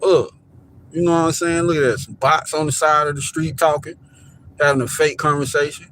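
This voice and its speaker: A man's voice: fairly high pitch, steady tone, fairly quick, a bit bright, a little hiss or hum. A man live-streaming casual commentary while driving downtown, rambling and repeating himself as he points things out to viewers. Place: inside a car driving downtown. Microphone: phone camera.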